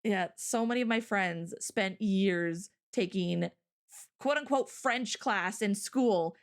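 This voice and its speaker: A woman's voice: medium pitch, slow, clean tone. A Canadian woman in casual chat as a guest, bubbly and laughing often.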